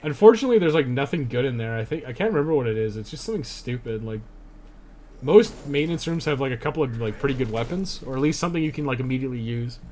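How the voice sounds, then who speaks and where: A man's voice: mid-range voice, lively intonation, quick pace, dark tone, slight background noise. A young man giving casual live-stream commentary over his speedrun at home, thinking aloud with lots of fillers. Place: home room.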